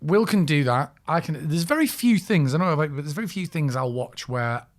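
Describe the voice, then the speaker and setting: A middle-aged man in relaxed podcast chat, his voice lively and full of movement and sitting slightly high for a man. He talks in bursts and often restarts his sentences. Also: fairly quick. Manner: animated, chatty, restarts sentences. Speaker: podcast co-host. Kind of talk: casual chat.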